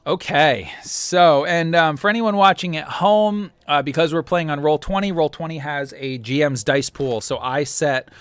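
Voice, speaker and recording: A man's voice: on the high side, normal speed, few pauses, a bit bright, smooth, dry recording. A man narrating a tabletop role-playing game as game master, rambling with many fillers.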